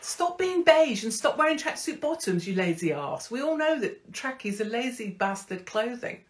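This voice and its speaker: A woman's voice: a little high, sing-song, normal speed. A middle-aged woman hosting a casual live stream, blunt, rambling and profane. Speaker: host.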